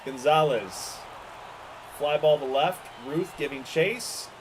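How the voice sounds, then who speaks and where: A man's voice: a little high, slow pace, a little hiss or hum, poor audio. A man calling a baseball video game play by play, exasperated and swearing as his team loses. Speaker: gaming streamer calling the game.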